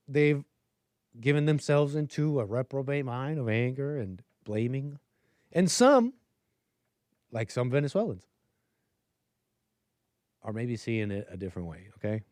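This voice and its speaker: A man's voice: mid-range voice, a little mellow, no echo, clean studio sound. A man hosting a livestream, talking through his opinions in a rambling, filler-heavy way. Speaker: livestream host. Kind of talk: casual livestream commentary.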